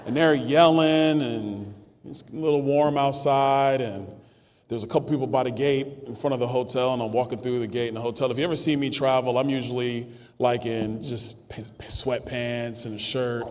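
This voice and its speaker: A man's voice: mid-range voice, darkish tone. A congressman from Brooklyn giving a political rally speech, telling stories in a conversational, punchy and rousing way at a podium microphone in a hotel ballroom. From Brooklyn, New York. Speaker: congressman speaking at a summit. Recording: long reverb of a large ballroom.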